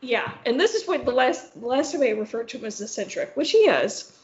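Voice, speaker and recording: Brisk and high-voiced with big swings in pitch, a young female podcast co-host wanders through a casual story, cursing and saying "like" constantly. The audio sounds roomy and a bit dull.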